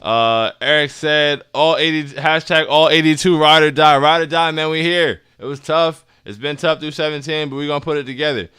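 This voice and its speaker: A young man hosting a casual fan livestream, reading chat comments aloud in slangy, hyped talk that sometimes turns soft and earnest. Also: on the high side, fairly even intonation, moderate pace, hardly any pauses, smooth.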